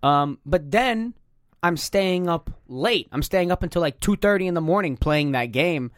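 A man's voice: on the high side, lively intonation, moderate pace, dry recording, clean studio sound. A young man hosting a casual podcast chat, loose and laughing, swearing often. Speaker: podcast host.

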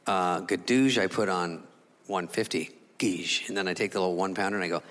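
A man's voice: low voice, fairly quick, a bit bright. A man doing a stand-up comedy routine, telling a story with sarcastic asides and acting out the dialogue. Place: live theater stage before an audience. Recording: reverberant live hall with crowd noise. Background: audience laughter.

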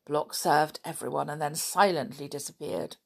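A woman reads a children's adventure aloud in a steady, expressive manner. Her voice sits a little low for a woman. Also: moderate pace, creaky, breathy edge. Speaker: storyteller. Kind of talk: reading a children's book aloud.

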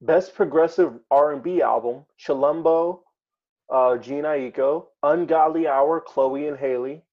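A man's voice: on the high side, a little slow, muffled recording. A man co-hosting a casual chat, talking hesitantly with many ums and uhs. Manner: hesitant, many fillers while reading lists. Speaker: podcast co-host.

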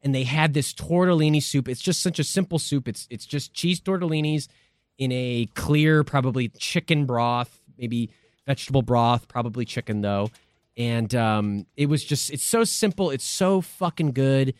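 A man co-hosting a podcast in casual chat, telling stories in a playful, expressive way and swearing casually. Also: mid-range voice, moderate pace, no room sound. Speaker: podcast co-host.

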